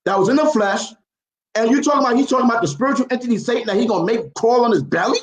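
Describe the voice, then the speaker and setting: A man's voice: extremely high pitch, rapid-fire, reverberant, poor audio. A man in a heated religious debate, quoting scripture and repeating his points insistently.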